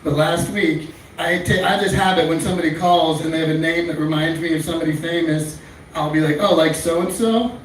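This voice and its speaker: Fairly high-voiced male comic, crude and rambling, heard from far off in a very echoey club room. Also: fairly quick. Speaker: stand-up comic. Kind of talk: stand-up comedy set. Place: small comedy club stage. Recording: echoey room, far-off mic, faint noise.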